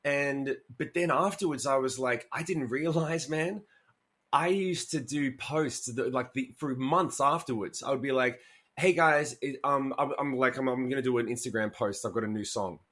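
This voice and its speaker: A man's voice: mid-range voice, moderate pace, fairly bright tone. A man being interviewed as a musician guest, talking candidly, swearing freely and acting out quoted asides as he tells stories.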